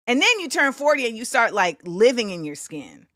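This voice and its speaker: A woman in her forties hosting a livestream talk show, chatting animatedly and breaking into sing-song shout-outs to the chat. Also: a little high, sing-song, moderate pace, dry recording, clean studio sound. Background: faint music.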